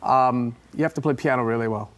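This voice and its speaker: A man, a tribute performer, chatting as a guest in a live TV studio interview in a relaxed, friendly storytelling way. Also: mid-range voice, fairly quick.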